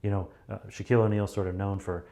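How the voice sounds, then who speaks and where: A man's voice: fairly low pitch, level tone, fast, vocal fry, dark tone. A man teaching public speaking in a loose, conversational way, with many fillers and restarts. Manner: acts out sample deliveries to show each point. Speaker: communication coach.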